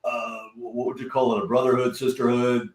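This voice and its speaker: Canadian guy on a video call, excited, stumbles a bit, far from the mic in an echoey room. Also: mid-range voice. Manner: excitable, halting. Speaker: tour company founder. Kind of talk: casual video call chat. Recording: roomy, distant from mic.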